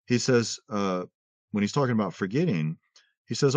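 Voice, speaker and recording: A man discussing philosophy in casual conversation, animated and often restarting his words as he paraphrases an author. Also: mid-range voice, moderate pace, no echo, dull audio. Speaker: podcast co-host.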